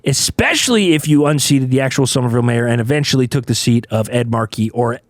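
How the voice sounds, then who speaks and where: A man's voice: medium pitch, animated, fast talker, no room sound, studio quality. A man hosting a comedy podcast, conducting a mock interview in a rambling, earnestly self-serious way. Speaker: podcast host.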